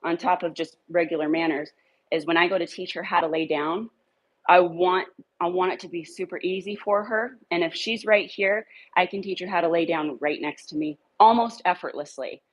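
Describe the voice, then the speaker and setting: Woman dog trainer, lowish voice, casual and upbeat, coaxing dogs. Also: normal speed, poor audio. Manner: upbeat, coaxing praise to dogs in a high sing-song. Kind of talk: casual training demo, talking to camera and dogs.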